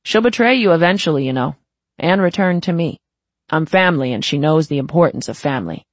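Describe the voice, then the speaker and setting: A narrator voicing a smooth, mocking young gang boss in his twenties, with a lilting, showy delivery. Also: mid-range voice, lively intonation, fairly quick, no room sound, lightly acted. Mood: taunting. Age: 20s. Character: smooth, taunting young male Italian-born gang boss.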